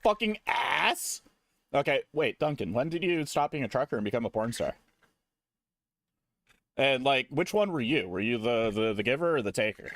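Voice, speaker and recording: A man streaming live, chatting casually with viewers in a profane, rambling, jokey way, now and then breaking into loud mock rants. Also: mid-range voice, lively intonation, brisk.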